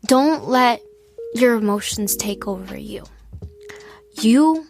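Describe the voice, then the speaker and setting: A nineteen-year-old woman giving casual, earnest self-help advice, often saying "like" and sometimes dropping to a soft whisper. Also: a little high, steady tone, unhurried, faint music behind. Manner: earnest, heavy use of "like", drops into soft whispers.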